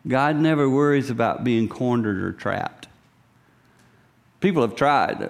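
A middle-aged man preaching a sermon to his congregation. He talks animatedly, swinging between loud lines and hushed whispers and acting out voices. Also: medium pitch, expressive, takes it slowly, gravelly, long pauses. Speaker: pastor.

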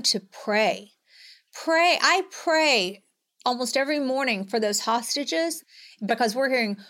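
A woman's voice: on the high side, fairly bright tone. A middle-aged woman, speaking as a guest in earnest, emphatic, pleading political talk. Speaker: guest, advocacy leader.

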